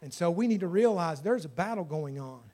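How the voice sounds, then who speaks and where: A man's voice: a little high, animated, fairly quick, warm tone. A man, a pastor telling a story in his sermon and then praying with fervour. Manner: storytelling that builds to fervent praying.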